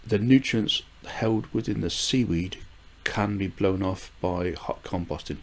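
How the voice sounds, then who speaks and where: An older man from the UK rambles casually through a gardening vlog, his low voice moving a little slowly. He fills it with frequent fillers, restarts and small chuckles.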